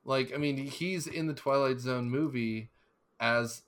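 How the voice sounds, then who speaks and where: A man's voice: medium pitch, a little slow, a bit bright. A man co-hosting a podcast in casual chat, rambling and joking with digressions. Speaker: podcast co-host.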